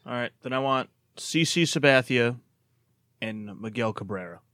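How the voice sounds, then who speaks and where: A man at a middle pitch chats casually and reads the show's plugs and social media handles. His voice is close-miked and dry. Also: moderate pace, a bit bright, no room sound. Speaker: podcast co-host. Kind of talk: casual chat among friends.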